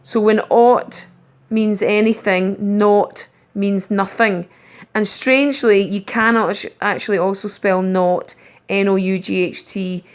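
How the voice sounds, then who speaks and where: A middle-aged woman teaching a recorded spelling lesson, deliberate, spelling out letters one by one with frequent ums. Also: mid-range voice, steady tone, smooth. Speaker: primary school teacher.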